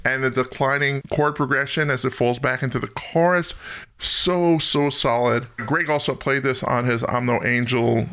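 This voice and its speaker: Man, podcast host, gravelly voice, bright tone, jokey and self-deprecating, casual chat. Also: mid-range voice, steady tone, moderate pace. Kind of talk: casual music-talk chat.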